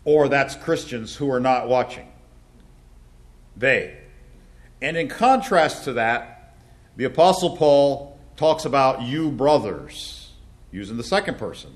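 A man teaching a Bible class, talking with many fillers and restarts and slowing down to stress key words. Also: medium pitch, expressive.

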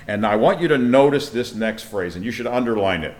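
A man's voice: fairly low pitch, lively intonation, fast, few pauses. Man teaching scripture in a sermon. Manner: asks the listeners rhetorical questions. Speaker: Bible teacher. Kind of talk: conversational sermon.

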